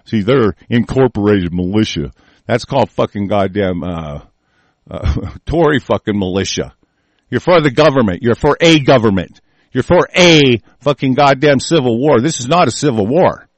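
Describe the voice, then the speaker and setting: A man's voice: medium pitch, expressive, normal speed, no echo. A man hosting a talk show, delivering a furious, profane and confrontational political rant.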